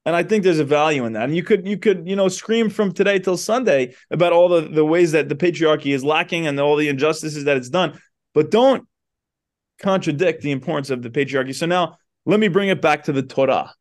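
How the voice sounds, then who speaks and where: A man's voice: a little high, brisk. A man teaching a class in a synagogue, retelling a story loosely with many asides. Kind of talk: storytelling lecture.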